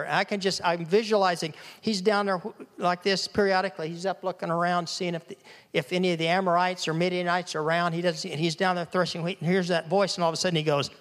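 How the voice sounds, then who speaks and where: A man's voice: high voice, moderate pace, fairly bright tone. A man preaching a sermon as a pastor, acting out quoted voices and repeating phrases for emphasis. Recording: long hall reverb.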